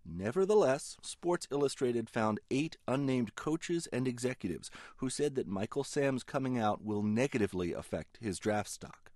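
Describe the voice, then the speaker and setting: A man delivering a radio news report in a measured, clear way. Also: medium pitch, animated, a little mellow, dry recording, clean studio sound.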